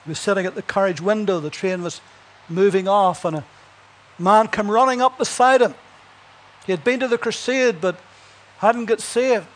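A man's voice: high voice, moderate pace. A man preaching a sermon, telling Bible stories and building to emphatic punchlines, with chuckles between points.

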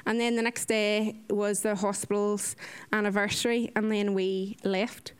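A woman's voice: measured pace, smooth. Earnest young woman. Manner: earnest, animated storytelling, acts out quotes in a higher voice. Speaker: mission volunteer. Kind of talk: personal faith testimony.

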